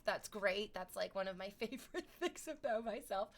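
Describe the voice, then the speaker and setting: A woman's voice: medium pitch, expressive, moderate pace, hardly any pauses, fairly bright tone, slight background noise. Candid, reflective streamer woman. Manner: reflective, candid, swears freely. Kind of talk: casual chat.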